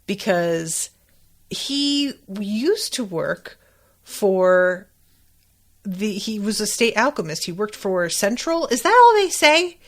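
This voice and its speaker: A woman's voice: medium pitch, takes it slowly. A woman hosting a podcast, recapping an episode in casual, chatty talk and acting out quoted lines as she goes. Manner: chatty, animated retelling with quoted asides. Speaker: podcast host. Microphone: desk microphone.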